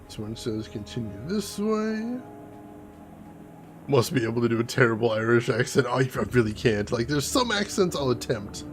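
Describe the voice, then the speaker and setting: A man giving casual, excitable commentary while playing a video game. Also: mid-range voice, normal speed, soft background music. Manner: excitable, jumpy exclamations. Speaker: gaming streamer. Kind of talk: casual let's-play commentary.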